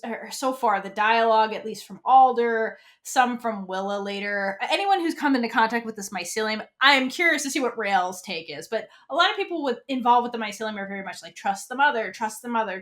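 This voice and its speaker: A young woman co-hosting a podcast, chatting casually through an episode recap and acting out characters' lines as she goes. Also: a little high. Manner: animated, acts out characters' lines mid-recap. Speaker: podcast co-host. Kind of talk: casual fan recap chat.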